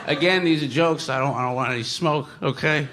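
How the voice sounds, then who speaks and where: A man doing stand-up on a live stage through a handheld mic, his voice sitting a little high. He rambles with self-deprecating asides and lots of fillers, then bursts into shouted bits. Clear noise runs through the live recording. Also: fairly quick. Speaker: stand-up comedian. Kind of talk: stand-up comedy set. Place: live comedy stage before an audience.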